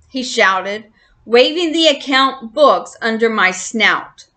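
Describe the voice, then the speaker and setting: A woman's voice: a little high, expressive, slow, bright, forceful tone. A woman reading a children's book aloud, friendly and welcoming. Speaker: children's story reader.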